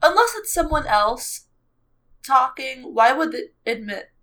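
A woman co-hosting a podcast in casual comedic chat, quick to laugh and react playfully. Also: high voice, very animated, sharp tone. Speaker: podcast co-host.

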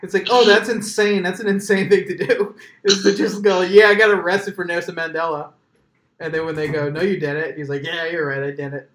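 A man's voice: sits high, steady tone, a little fast, a bit bright, reverberant. A man hosting a casual podcast, joking and swearing in a rambling way with lots of filler words. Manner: profane, joking, rambling with many "like"s. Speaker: podcast host.

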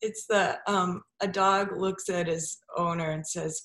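A woman's voice: fairly low pitch, steady tone, measured pace, hardly any pauses, fairly bright tone. A woman on a video call, retelling a short joke and laughing lightly. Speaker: housemate on the stream.

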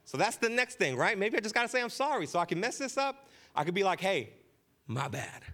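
A man's voice: high-pitched, lively intonation, fast talker, sharp tone. A man in his thirties, a pastor, preaching a sermon in a candid, conversational storytelling way with casual slang. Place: church sanctuary.

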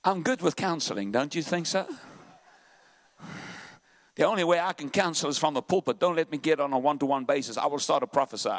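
A man preaching a sermon with passion, often shouting, racing through some phrases and drawing others out slowly. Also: on the high side. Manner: impassioned, frequently shouting; swings between rapid bursts and slow drawn-out phrases.

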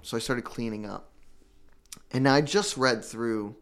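A man giving an emotional personal testimony about recovery, earnest and halting, with many restarts. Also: medium pitch, a bit bright. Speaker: guest telling his recovery story.

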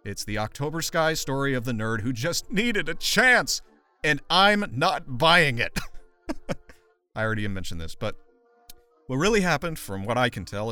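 A man's voice: lowish voice, sharp tone, smooth. A man hosting a history podcast, telling the story in a jokey, casual way while sick with a sore throat. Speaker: podcast co-host.

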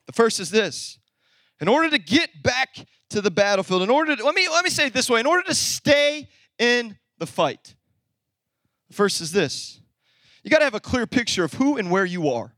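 A man preaching a sermon as pastor, animated, calling out to the congregation, then dropping into low conversational asides. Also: moderate pace, no room sound, studio quality. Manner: talks to the congregation directly, conversational.

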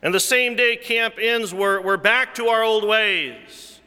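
A man preaching a sermon, slow and deliberate, rising loud and falling to a hush. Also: sits high, smooth, long reverb tail. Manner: slow, deliberate preaching that swells louder then drops to a hush.

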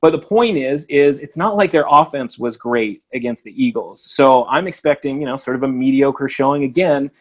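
A man co-hosting a casual sports betting podcast, talking fast and acting out quoted lines. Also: medium pitch. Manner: animated, acts out quoted voices. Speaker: podcast co-host.

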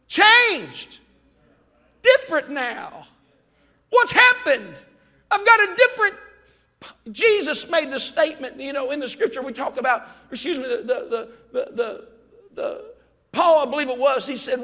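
Fervent high-voiced preacher man. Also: lively intonation, measured pace. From Ohio. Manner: fervent preaching, rising to shouts, dropping low. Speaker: pastor. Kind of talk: sermon. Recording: reverberant church hall.

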